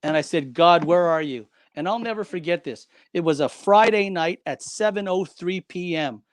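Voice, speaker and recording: A man with a fairly high voice who tells a personal story with emphatic, dramatic delivery, repeating his key lines for effect. His voice comes across close and dry, with almost no room sound. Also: dry recording. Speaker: guest.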